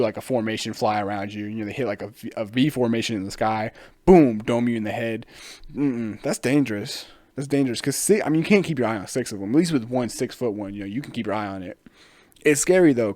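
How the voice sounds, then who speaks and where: A man's voice: mid-range voice, a little mellow, no echo. Rambling, profane man hosting a podcast. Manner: rambling, profane, laughing often. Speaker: podcast host. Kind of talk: casual solo podcast monologue.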